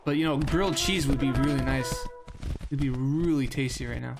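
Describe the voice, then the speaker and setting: A young man streaming a game, chatting casually and rambling, with sudden loud yelps while he plays. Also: mid-range voice, brisk, gravelly. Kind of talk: casual gameplay commentary. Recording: game music playing behind.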